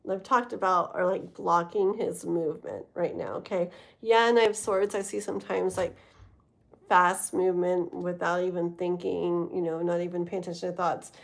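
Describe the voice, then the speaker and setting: Slow easygoing woman doing tarot on a livestream, lots of um and like, chatty with the chat. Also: fairly low pitch, vocal fry. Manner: rambling, many fillers and trailing thoughts; talks to chat viewers, laughs often. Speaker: tarot reader hosting a live stream. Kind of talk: casual live tarot reading.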